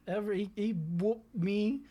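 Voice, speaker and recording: A man's voice: high-pitched, a little slow. A young man in casual chat, telling stories with lots of swearing and acted-out quotes. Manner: animated, laughing, swearing, acts out quotes.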